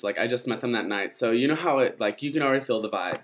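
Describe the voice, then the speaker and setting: A man's voice: on the low side, a little fast, hardly any pauses, fairly bright tone. A young man telling a dramatic night-out story to his vlog viewers, gossipy and swearing freely. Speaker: vlogger.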